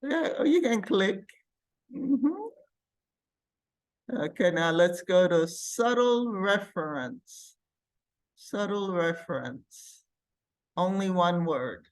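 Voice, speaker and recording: A woman teaching a live computer class, talking slowly and patiently as she demonstrates each step. She thinks aloud while she clicks and stops to check with her students. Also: medium pitch, expressive.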